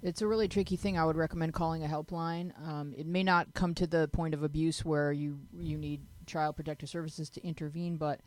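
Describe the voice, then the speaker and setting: A woman's voice: sits low, fairly even intonation, a little fast, hardly any pauses, darkish tone, dry recording. A woman hosting a teen panel talk show, giving frank advice in a chatty, joking way and often restarting her sentences.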